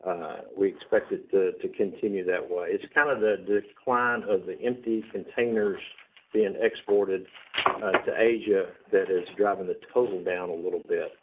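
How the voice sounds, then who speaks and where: Steady male executive, lowish voice, businesslike report over phone-band audio. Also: moderate pace, a little hiss or hum. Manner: steady, businesslike, figure-heavy. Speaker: port executive giving a report. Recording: tinny phone-like broadcast audio.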